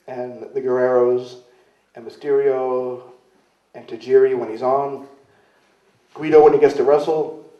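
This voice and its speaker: A man's voice: mid-range voice, warm tone. A man telling rambling, self-mocking stories in a casual interview, often mimicking other people's voices as he quotes them. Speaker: interview guest, wrestler. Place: club venue in London. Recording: roomy, distant, dull sound.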